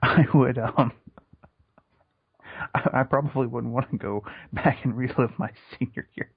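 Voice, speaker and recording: A laid-back man trades dry comebacks on a comedy podcast, his voice gravelly and a little raspy. The audio is muffled and lo-fi, like a cheap home mic. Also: mid-range voice, steady tone, unhurried. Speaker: podcast co-host. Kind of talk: casual comedy chat.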